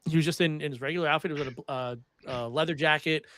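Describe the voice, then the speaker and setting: A young man hosting a podcast, chatting casually and telling animated stories with some swearing. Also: fairly high pitch, quick pace, dry recording. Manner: animated storyteller, swears freely. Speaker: podcast host. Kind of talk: casual chat.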